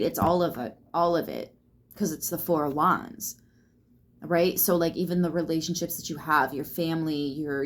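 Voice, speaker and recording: A woman giving a casual tarot reading, chatty and reassuring, swearing freely as she talks straight to the viewer. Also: sits low. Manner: loose and chatty, swears freely, lots of fillers; reassuring, speaks straight to the listener. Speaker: tarot reader.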